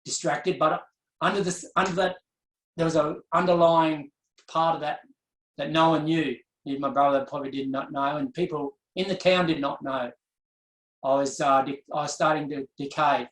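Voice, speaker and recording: A man's voice: fairly high pitch, steady tone, a bit bright. Earnest man in echoey room. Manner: earnest, reflective, halting with restarts. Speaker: interview guest. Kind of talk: candid personal storytelling.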